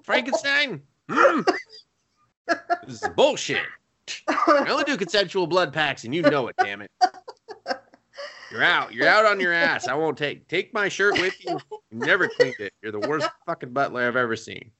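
A man's voice: on the high side, very animated, moderate pace, pauses often, sharp tone, voice pushed up, heavily acted. A man putting on a foul-mouthed, indignant male vampire lord in a mock-outraged swearing rant. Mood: mock outrage.

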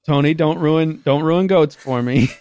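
A man co-hosting a casual comedic chat, playful and quick to laugh. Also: on the high side, darkish tone, clear, resonant tone. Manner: giggly and playful, laughs often.

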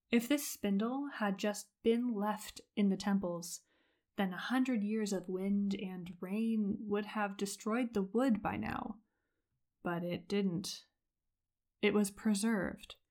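A woman reading aloud, voicing a gentle, earnest young male monk who speaks slowly and thoughtfully. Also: mid-range voice, close to an everyday voice.

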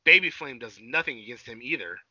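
Animated man recapping with bright, lively voice. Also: medium pitch, a little fast, no echo. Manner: profane, rambling recap with filler "uh". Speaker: podcast co-host recapping episodes. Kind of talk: casual chat. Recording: dull lo-fi recording.

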